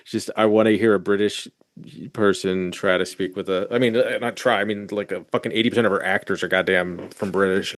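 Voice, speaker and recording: A man's voice: on the low side, fairly even intonation, fairly quick. A man hosting a podcast, chatting casually with profane, joking asides and reading out sponsor plugs. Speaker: podcast host. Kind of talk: casual chat.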